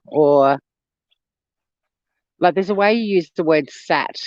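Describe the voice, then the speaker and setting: A woman's voice: fairly low pitch, a little slow, pauses often, no echo, lo-fi sound. An Australian woman hosting a casual phone livestream, chatting with viewers, swearing freely and laughing often. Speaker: livestream host. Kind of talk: casual live chat reading viewer comments.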